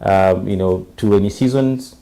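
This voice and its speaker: A man's voice: lowish voice, moderate pace, warm tone, poor audio. A man who explains things eagerly as a guest in casual TV studio chat, often restarting his sentences. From Uganda. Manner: enthusiastic, explains with many restarts.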